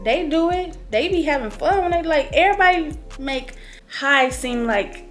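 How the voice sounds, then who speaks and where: A woman's voice: sits high, animated, moderate pace, soft background music. A woman in her early twenties telling a story to camera in a casual vlog, slangy and profane. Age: early 20s. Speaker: vlogger.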